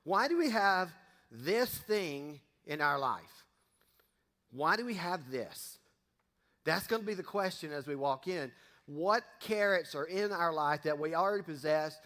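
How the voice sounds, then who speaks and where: A middle-aged pastor gives a casual, folksy sermon in a church sanctuary, joking with the congregation. His fairly high voice is animated, unhurried, bright and forceful, carried by the long reverb of a church hall.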